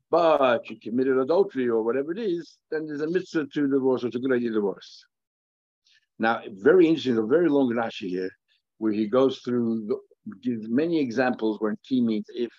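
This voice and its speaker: A Talmud teacher gives a daily class, thinking aloud, repeating phrases, and weaving Hebrew and Aramaic terms into his English. His medium-pitched voice is a little fast and a little mellow, captured in a dry, dull lo-fi recording.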